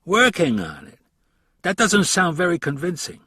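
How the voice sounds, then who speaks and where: A man's voice: medium pitch, lively intonation, normal speed, fairly bright tone, husky, dry recording, clean studio sound. A man voicing a smug, wealthy American man with a slight New York accent, speaking in a pointed, edged way.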